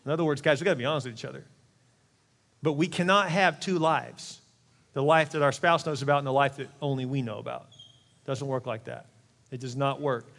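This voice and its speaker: Brief: middle-aged male pastor, quick lively sermon delivery, slightly high voice, long hall reverb. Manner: animated, conversational preaching with quick asides.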